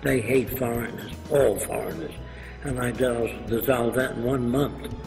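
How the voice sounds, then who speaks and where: A man's voice: mid-range voice, a little slow, creaky, over music. An older man, being interviewed, telling anecdotes in a lecturing way and acting out other people's voices. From New York. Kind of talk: anecdotal storytelling. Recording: echoey room, faint hiss.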